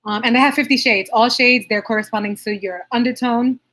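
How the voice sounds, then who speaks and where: A woman's voice: a little high, fairly even intonation, fairly quick, fairly bright tone. A young adult woman, a makeup artist, answering viewer questions in a bubbly, chatty livestream style and laughing often. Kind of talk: casual livestream Q&A.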